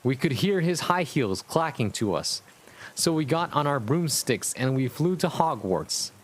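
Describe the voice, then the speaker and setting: A man's voice: fairly high pitch, very animated, measured pace, slight background noise. A young man streaming a comic read-through of a fan story, breaking off with sarcastic, laughing asides. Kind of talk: comic live-stream reading with commentary.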